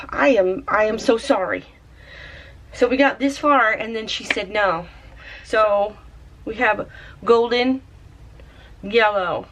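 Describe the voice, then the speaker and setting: A woman's voice: medium pitch, slow pace, long pauses, a bit bright. A woman chatting her way through a tie dye session with lots of fillers. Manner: chatty, rambling, many fillers. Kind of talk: casual craft demo. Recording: faint background noise.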